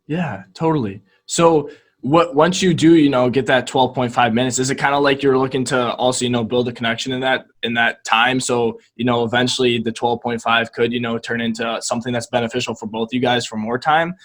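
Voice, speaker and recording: A man's voice: medium pitch, fairly even intonation, brisk, a bit bright. Man asking hesitant interview questions. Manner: hesitant, many fillers and restarts. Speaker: interviewer, host.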